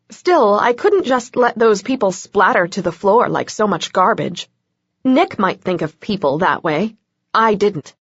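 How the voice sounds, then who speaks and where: A woman reading an action novel aloud in first person, with brisk, tense storytelling. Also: mid-range voice, no room sound. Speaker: audiobook narrator. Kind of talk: first-person audiobook narration. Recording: dull lo-fi audio.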